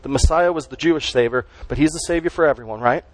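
A man's voice: on the high side, quick pace, low-quality recording. A man preaching a sermon as pastor, stressing and repeating key words as he teaches.

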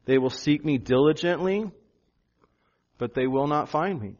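A male pastor preaching a sermon, animated, jumping up in pitch for emphasis. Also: a little slow, muffled recording.

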